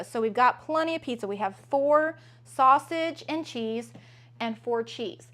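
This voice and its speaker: A woman's voice: high voice, lively intonation, measured pace, a bit bright. A woman, a mother and family vlogger, chatting casually and upbeat through a grocery haul at home, with plenty of "um"s. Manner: chatty, upbeat, many fillers.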